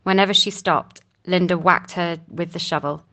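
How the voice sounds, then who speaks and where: Woman audiobook narrator, measured, lower pitch. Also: steady tone, pushed and bright. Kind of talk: scripted narration.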